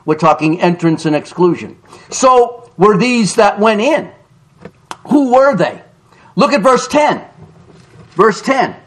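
Fiery, high-pitched male preacher. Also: very animated, takes it slowly, long pauses. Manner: shouts for emphasis, swings between loud cries and low asides. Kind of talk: fiery revival sermon.

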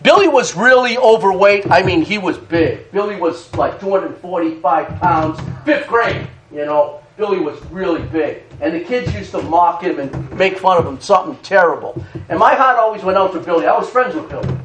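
A middle-aged man preaching a sermon, animated and dramatic, reading scripture and telling stories. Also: high-pitched, normal speed, a little hiss or hum, low-quality recording. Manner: animated, dramatic, reads scripture in King James wording.

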